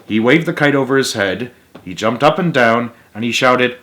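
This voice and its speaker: A man's voice: medium pitch, moderate pace. A man reading a children's picture book aloud, adding playful asides. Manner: animated, with asides to listeners. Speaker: storybook reader.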